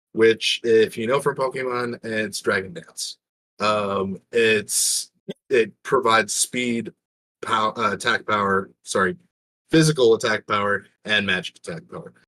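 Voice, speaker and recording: Low husky-voiced man explaining game tactics. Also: a bit bright, no room sound, rough recording. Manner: explanatory, frequent "right?" and "um". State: has the hiccups. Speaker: guest game analyst. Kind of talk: casual gaming chat.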